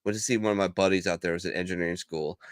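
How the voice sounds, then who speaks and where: Middle-aged American man, deep voice, animated and profane, dry close mic, casual host banter. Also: racing, dry recording. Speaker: podcast co-host.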